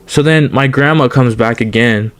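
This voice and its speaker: A man's voice: mid-range voice, moderate pace, fairly bright tone. A young man telling a casual storytime on his channel, rambling with many restarts and fillers. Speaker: storytime YouTuber.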